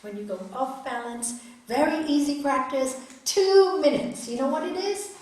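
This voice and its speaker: A middle-aged woman giving an earnest, expressive spiritual talk as a raja yoga teacher to an audience in a hall. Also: high voice, normal speed. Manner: earnest, expressive, acts out quotes. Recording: echoey hall, distant mic, faint noise.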